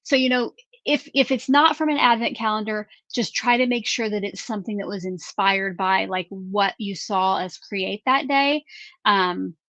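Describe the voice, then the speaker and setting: A woman co-hosting a crafting livestream in a casual, chatty way, answering viewer questions and announcing giveaway winners with drawn-out reveals. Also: medium pitch, a bit bright, no room sound. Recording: slightly muffled dry livestream audio.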